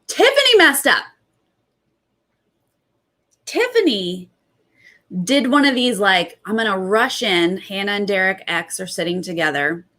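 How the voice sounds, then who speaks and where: A young adult woman hosting a casual recap, retelling events in animated bursts and quoting others. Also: mid-range voice, measured pace, long pauses. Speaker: host.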